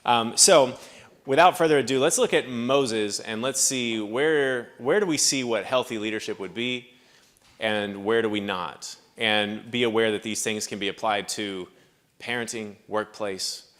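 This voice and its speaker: A male pastor with a fairly low voice preaches a sermon in a church. He teaches in a relaxed, conversational way, full of asides and thinking aloud. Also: measured pace.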